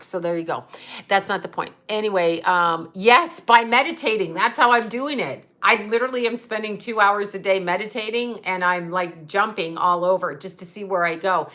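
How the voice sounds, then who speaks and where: Bright-voiced chatty woman, rambling. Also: medium pitch, moderate pace. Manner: chatty, digressive, laughs often, swears. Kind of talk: casual rambling chat.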